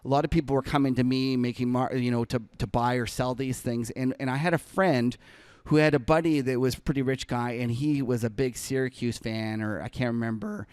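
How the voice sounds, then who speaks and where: Guy rambling thru a trading war story, lots of "like", smooth voice, dry close sound. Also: medium pitch, steady tone, fairly quick, a little mellow, no echo. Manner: rambling anecdote full of fillers and self-corrections; laughs while telling the story. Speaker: trader and podcast co-host. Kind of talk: casual storytelling.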